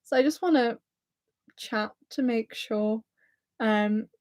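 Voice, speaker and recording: A woman's voice: a little high, slow, a little mellow. A young woman chatting casually on a livestream, reading out viewer comments and answering them with giggles. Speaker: fan content creator reading live chat.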